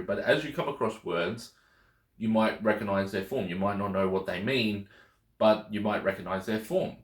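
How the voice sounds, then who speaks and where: A man's voice: on the low side, roomy sound. A man teaching a video language lesson, patient and encouraging, often checking in with "okay?". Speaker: Greek teacher.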